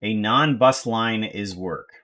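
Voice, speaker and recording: An American man streaming live, rambling to himself in casual chatter as he tries to fix his software. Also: on the low side. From United States. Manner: mutters to himself while fixing software, slow and rambling.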